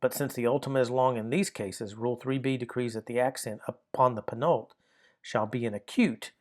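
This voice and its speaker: Man, grammar teacher, methodical lesson, middle-pitched voice, repeats himself while working through examples. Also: a little mellow.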